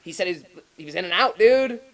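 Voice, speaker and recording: A man's voice: sits high, animated, fairly quick, over a noisy crowd, rough recording. A young man, a podcast co-host, telling a long story in casual, profane chat and often laughing as he goes.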